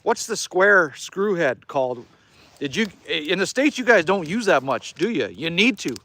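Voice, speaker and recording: A man's voice: high voice, sing-song, moderate pace, bright, forceful tone. A Canadian man hosting a casual livestream outdoors by a fire, chatting and reading viewer comments in a rambling way and swearing now and then. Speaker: livestream host.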